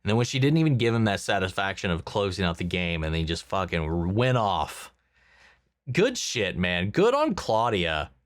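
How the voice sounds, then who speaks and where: A man's voice: low-pitched, big pitch swings, normal speed. A man giving casual, emphatic reaction commentary on a show episode, swearing freely and calling the viewer "man".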